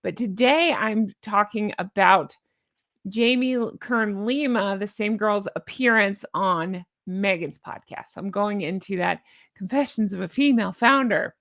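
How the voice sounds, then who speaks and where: A woman's voice: medium pitch, measured pace, fairly bright tone, dry recording, studio quality. A woman giving casual commentary on her own channel. She is chatty and sarcastic and laughs at her own remarks. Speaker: YouTube commentator.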